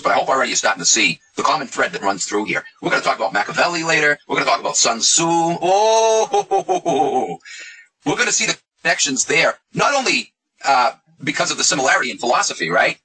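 A man's voice: medium pitch, bright, forceful tone, breathy edge, poor audio. A man hosting a casual monologue video, talking in a sarcastic, mocking way. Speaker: video host.

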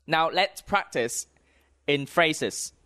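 Slow, bright-voiced Southern Vietnamese man teacher. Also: fairly high pitch, expressive. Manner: models words slowly, then prompts repetition. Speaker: language teacher. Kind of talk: slow spoken language lesson.

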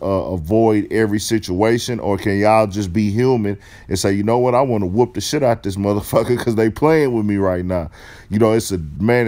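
A man hosting a commentary vlog, talking in a relaxed, slangy way to his viewers. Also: fairly low pitch. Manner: laid-back slangy talk, calls listeners dog. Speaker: host.

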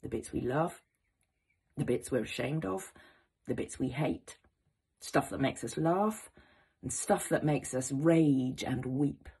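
A woman actor giving an encouraging, expressive educational talk to young people. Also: a bass voice, slow pace, long pauses, husky. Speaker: actor teaching students.

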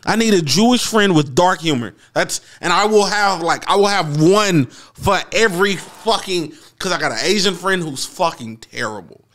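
A man co-hosting a reaction stream, talking loudly and excitably, with frequent swearing. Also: high-pitched, moderate pace, few pauses. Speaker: stream co-host. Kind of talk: casual reaction chat.

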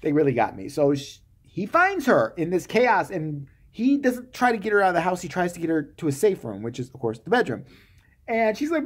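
A man's voice: sits high, big pitch swings, brisk, breathy edge. A man giving a comedic, sarcastic movie-review rant, swearing freely and acting out the characters' lines.

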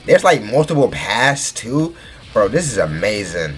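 A man in his twenties giving excitable let's play commentary, shrieking in delight and saying bro constantly. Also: on the low side, a little slow, soft background music. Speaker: gaming YouTuber.

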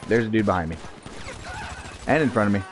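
A man's voice: lowish voice, animated, fairly quick, noisy background. A man streaming an online shooter game, joking, swearing and talking to himself and his teammates as he plays. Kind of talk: live gameplay commentary.

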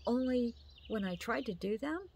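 A woman's voice: on the high side, expressive, normal speed, creaky, a little mellow, a little hiss or hum, voice pushed up. A woman voicing a timid, confused young male vulture who speaks hesitantly, in a storybook reading. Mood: meek. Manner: hesitant and meek.

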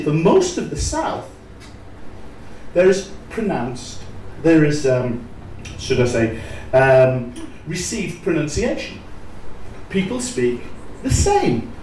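A middle-aged man with a North East English accent from Sunderland gives a talk to a live audience, wry and animated as he tells stories. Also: a little high. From North East England. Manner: animated storyteller with wry humour. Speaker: business leader giving a talk. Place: large echoey room at a live event. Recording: echoey room, voice from far off, faint noise.

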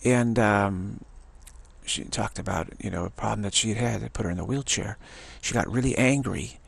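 A man in his sixties giving a rambling spiritual talk as a teacher, halting and often repeating words and restarting his sentences. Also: lowish voice, creaky, husky. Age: 60s.

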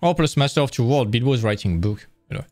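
A man's voice: mid-range voice, animated, fast talker, darkish tone, no room sound, studio quality, soft background music. A man presenting a live-streamed lecture, explaining in a casual, enthusiastic way with frequent restarts.

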